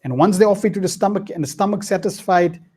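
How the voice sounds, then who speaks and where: Mellow, husky man teaching a scripture class. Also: quick pace. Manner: lively, swinging pitch, slangy asides and frequent "hmm?". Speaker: spiritual teacher.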